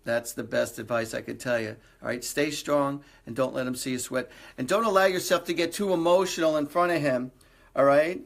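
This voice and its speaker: On a live stream, a middle-aged psychic medium delivers comforting messages to viewers. His mid-range voice is creaky and a little fast; he speaks earnestly, repeats phrases and jokes lightly.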